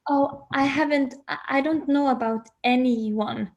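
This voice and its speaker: A woman's voice: high-pitched, steady tone, unhurried, highs cut off. A woman speaking as an interview guest from home on a video call, dreamy and searching for words, laughing often.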